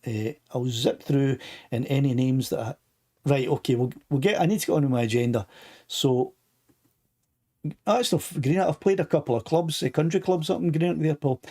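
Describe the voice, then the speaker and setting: A man's voice: medium pitch, moderate pace, dark tone. An older Scottish man with a Scottish accent and a slightly sore throat, rambling chattily as he hosts a live stream and reads out viewer comments. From Scotland. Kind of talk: casual live stream chat.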